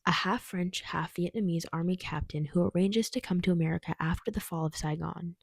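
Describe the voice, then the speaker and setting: Reviewing books casually at home, a young woman vlogger chats, digresses, and laughs often. She has a low, creaky, darkish voice, captured at studio quality without room sound.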